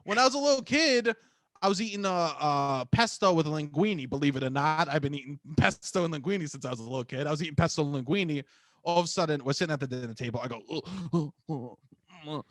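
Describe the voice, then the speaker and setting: A young man co-hosting a podcast, telling stories in a loud, profane, swinging way. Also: animated, quick pace, dry recording. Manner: loud, profane, storytelling with big pitch swings. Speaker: podcast co-host. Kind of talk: casual chat.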